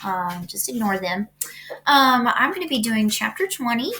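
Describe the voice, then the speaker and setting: A woman's voice: fairly high pitch, very animated, normal speed, pushed and bright, a little hiss or hum. A woman teacher reading a children's book aloud, casual and chatty, with fillers. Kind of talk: storybook read-aloud.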